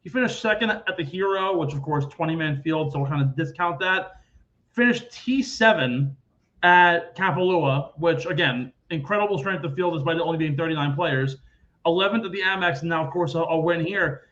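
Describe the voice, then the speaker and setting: High-voiced young man hosting a podcast. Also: normal speed, fairly bright tone, dull audio. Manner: chatty storyteller, swears freely. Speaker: podcast host. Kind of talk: casual sports podcast chat.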